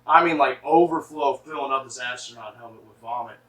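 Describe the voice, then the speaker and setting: A man's voice: mid-range voice, a little fast, a bit bright, distant mic. A young adult man telling stories casually, swearing freely and filling his talk with "like.". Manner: loose, profane, fills with 'like'. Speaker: musician guest. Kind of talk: casual storytelling. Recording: echoey room, mic from afar.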